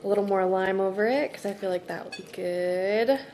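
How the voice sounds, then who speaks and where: A woman's voice: mid-range voice, fairly even intonation, brisk, background noise. Chatty young woman vlogging at home. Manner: chatty, bubbly, lots of "like". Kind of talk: casual vlog chat. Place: at home, kitchen and bedroom.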